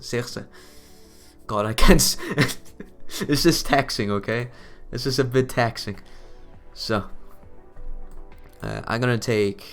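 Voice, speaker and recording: A hoarse man streaming a game, chatting casually with his viewers in a laid-back way. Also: on the low side, fairly bright tone. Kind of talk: casual live stream commentary.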